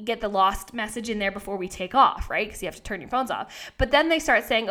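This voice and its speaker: A woman's voice: medium pitch, lively intonation, fairly quick, a bit bright. A young woman hosting a podcast, telling a story casually and animatedly, acting out her own lines and swearing freely. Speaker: podcast host.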